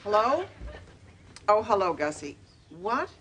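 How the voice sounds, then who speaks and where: A woman's voice: mid-range voice, sing-song, takes it slowly, a bit bright, slightly rough, exaggerated voice. An actress playing a fretful, protective older mother in a sitcom, talking insistently and indignantly. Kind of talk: sitcom acting.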